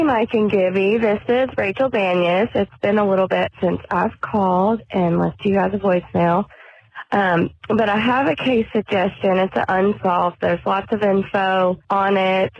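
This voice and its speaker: A woman leaving a friendly, informal voicemail for a podcast. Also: mid-range voice. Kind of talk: voicemail message. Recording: muffled phone voicemail.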